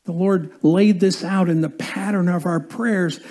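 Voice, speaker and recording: Conversational pastor preaching a sermon. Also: male voice, high voice, fairly even intonation, measured pace, darkish tone. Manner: conversational, asks the congregation questions.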